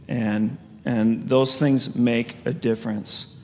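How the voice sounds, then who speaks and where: Male pastor, conversational sermon, gravelly tone, mid-range pitch, recorded in a church sanctuary. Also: moderate pace, a little hiss or hum. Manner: conversational storytelling with frequent laughs. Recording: long reverb of a large hall.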